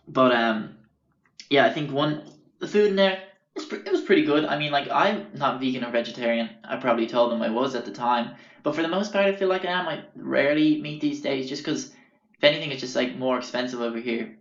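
Rambling, swearing Irish storyteller. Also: male voice, mid-range voice, animated, a little fast. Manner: rambling and profane, with many fillers and self-corrections. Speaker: podcast host. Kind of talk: casual storytelling. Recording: roomy, dull lo-fi sound.

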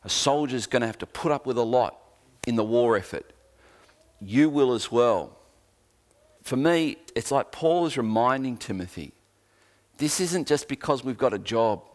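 A man's voice: mid-range voice, animated, moderate pace, pauses often. Australian man preaching a sermon. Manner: conversational, earnest, with joking asides. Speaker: pastor.

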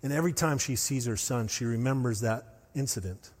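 A man preaching a sermon as pastor, telling stories with animated, rising intensity. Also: medium pitch, fairly quick. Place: church hall. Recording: long hall reverb.

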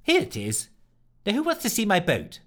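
A man's voice: high-pitched, sing-song, fairly quick, pitched above the performer's own voice. A man doing a proud fussy tutting woman. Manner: tutting, bright and eager. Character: proud, fussy woman showing off her boat.

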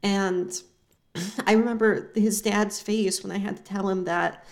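A woman co-hosts a comedy podcast in a dry, deadpan ramble, riffing on an absurd story. Her voice sits at a middling pitch. She talks casually, with loose restarts. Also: a little slow, gravelly. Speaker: podcast co-host.

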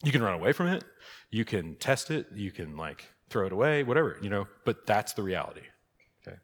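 Low-voiced pastor in a reverberant church. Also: male voice, sing-song, fairly quick. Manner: conversational, frequent "okay?" and "right?" check-ins. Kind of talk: catechesis teaching. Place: church hall. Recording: long reverb of a large hall.

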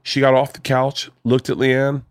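A man hosting a podcast, telling stories in a loose, animated way and swearing freely. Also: mid-range voice, moderate pace, dry recording, clean studio sound. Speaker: podcast host. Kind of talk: casual storytelling chat.

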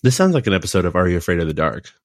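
Wry, deadpan man co-hosting. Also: sits low, racing, no room sound, clean studio sound. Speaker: podcast co-host. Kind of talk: casual chat.

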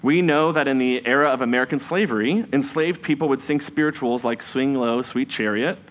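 Man preaching a measured sermon. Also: medium pitch. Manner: measured, reflective delivery with slow emphatic phrases.

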